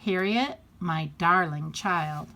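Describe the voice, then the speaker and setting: A woman reading aloud plays a patient storybook mother who would rather plead than shout. Her voice is soft, low-pitched and measured, with an unhurried, gently coaxing manner. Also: exaggerated voice.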